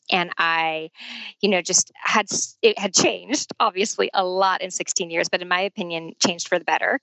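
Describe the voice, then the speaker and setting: A woman in her forties, a podcast guest telling a personal story in a lively, casual way and laughing often. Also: lowish voice, gravelly, dry recording, rough recording.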